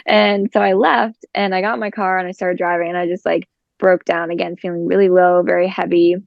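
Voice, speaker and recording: Gravelly-voiced woman chatting on a dull recording. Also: fairly low pitch, flat delivery, fairly quick, no echo. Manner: chatty, many fillers of "like". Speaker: guest. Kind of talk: casual storytelling in conversation.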